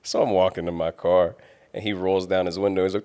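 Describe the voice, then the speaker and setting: A man with a deep voice, co-hosting a podcast and telling a story in casual, swear-filled chat. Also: brisk, smooth. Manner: animated storyteller, swears freely. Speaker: podcast co-host.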